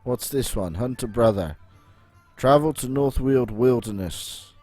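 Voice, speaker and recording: A man chats his way through a game in an unhurried, musing manner, pausing often. His voice sits in a middle register, close and dry on the mic, with faint game music behind him. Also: mid-range voice, a little mellow, no echo. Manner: chatty, musing, hesitant fillers. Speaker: let's play commentator. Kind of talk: casual gameplay commentary.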